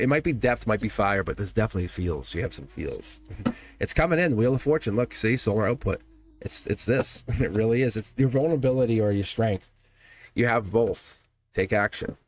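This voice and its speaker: A man hosting a live tarot reading, talking casually and encouragingly to his viewers, laughing often and restarting his words. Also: medium pitch. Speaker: tarot reader hosting a livestream.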